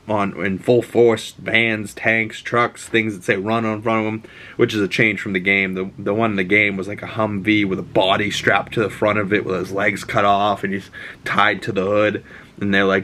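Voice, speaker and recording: A man's voice: fairly low pitch, fairly bright tone. A man in his twenties gives a rambling, profane, enthusiastic recap of a show, full of fillers. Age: 20s.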